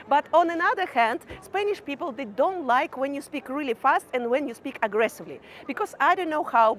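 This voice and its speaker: Young Ukrainian-accented woman, vlogger, high bright pitch, chatty and loose with fillers. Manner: chatty, fillers like "kind of" and "you know". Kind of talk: casual talk to camera.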